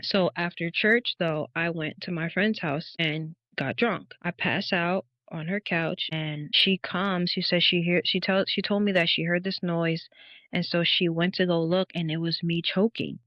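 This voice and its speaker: A woman's voice: fairly low pitch, fairly even intonation, a little slow, no echo. A woman in her thirties recounts her past as a guest on a faith podcast, speaking in an earnest and reflective way. Her voice sits close and dry on the mic, and the recording is a little dull and muffled. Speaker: interview guest sharing her testimony. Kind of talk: conversational personal testimony. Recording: dull, slightly muffled audio.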